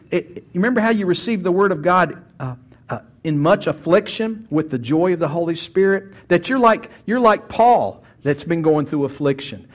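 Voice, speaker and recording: A man preaching a sermon, a folksy storyteller who often restarts his sentences. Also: on the high side. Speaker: pastor.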